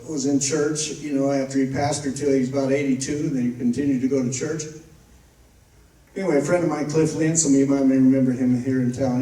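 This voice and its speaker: A man's voice: mid-range voice, mellow. Fervent male pastor in an echoey hall. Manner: emphatic and repetitive, building to fervent. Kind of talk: sermon. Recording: roomy echo, distant mic.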